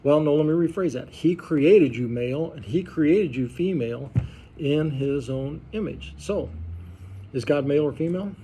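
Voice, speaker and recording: A pastor leading an informal Bible study, talking conversationally and quizzing the group with questions. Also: male voice, a little high, moderate pace, warm tone, a little hiss or hum. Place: church study group room.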